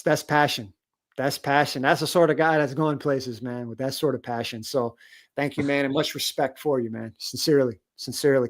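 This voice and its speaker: Casual male stream host, mid-pitched, relaxed and chummy. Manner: casual and friendly, calls everyone "man". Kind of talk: live-stream interview.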